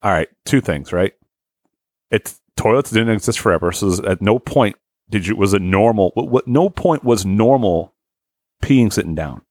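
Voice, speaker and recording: Low-voiced guy on a podcast, swears and teases, real animated, dry mic. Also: normal speed, dry recording. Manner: profane, animated ribbing. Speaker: podcast co-host. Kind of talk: casual comedic chat.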